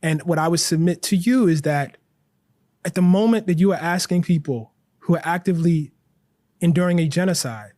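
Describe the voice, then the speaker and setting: High-voiced, passionate male author. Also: a little mellow, dry recording. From northern United States city. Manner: passionate, deliberate, building arguments. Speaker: author and interview guest. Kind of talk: earnest interview answer.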